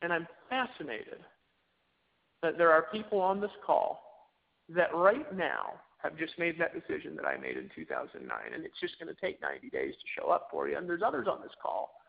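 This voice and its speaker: A man's voice: on the high side, big pitch swings, normal speed, gravelly. A man giving an emphatic, repetitive motivational pep talk to a group on a conference call. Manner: emphatic, repetitive, preachy exhortation. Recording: tinny phone line.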